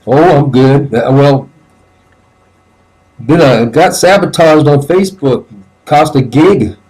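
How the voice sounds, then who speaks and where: Man, guest, easygoing casual chat, mid-pitched voice, video call. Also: takes it slowly, a little mellow, rough recording.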